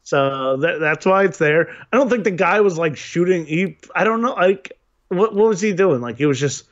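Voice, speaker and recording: A man in casual podcast conversation, his voice sitting a little high and sounding muffled and lo-fi. He rambles, circles back and restarts his thoughts, and peppers his speech with swearing. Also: animated, normal speed. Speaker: podcast co-host. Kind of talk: casual chat.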